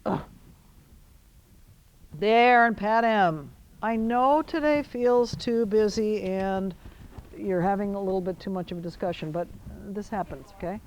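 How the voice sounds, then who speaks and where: Brisk woman coaching a rider. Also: mid-range voice, rough recording. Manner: brisk commands mixed with encouragement. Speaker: riding instructor. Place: riding arena.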